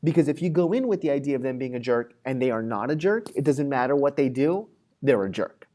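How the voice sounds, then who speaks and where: A man's voice: medium pitch, animated, fairly quick, warm tone. A man giving a classroom lecture, talking casually with fillers and acting out everyday scenarios in quoted voices. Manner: conversational with frequent fillers. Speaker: psychology lecturer.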